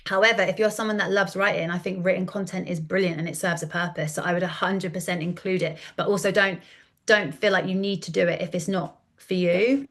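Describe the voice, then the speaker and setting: A woman in her thirties, a content coach talking in a casual podcast interview, chatty and animated, often acting out quoted dialogue. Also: on the low side, a little fast. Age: 30s.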